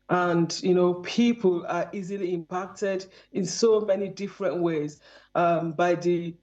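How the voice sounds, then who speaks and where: A woman's voice: lowish voice, mellow. Earnest Nigerian woman, dull lo-fi audio. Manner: earnest, measured, with frequent ums. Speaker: guest. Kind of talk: remote interview.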